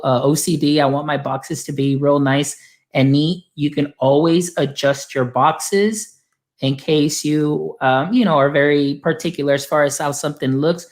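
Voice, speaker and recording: Chatty guy demoing software for teachers, upbeat, lots of "go ahead" and "so". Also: fairly high pitch. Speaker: guest demonstrating software; educator supporting teachers. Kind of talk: casual screen-share tutorial.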